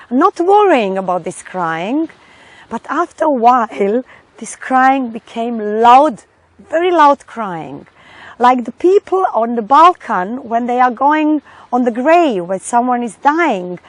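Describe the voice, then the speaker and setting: Middle-aged woman doctor telling her own story, slow and halting, searching for words. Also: high-pitched, no echo, low-quality recording. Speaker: doctor recounting a personal experience. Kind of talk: personal testimony.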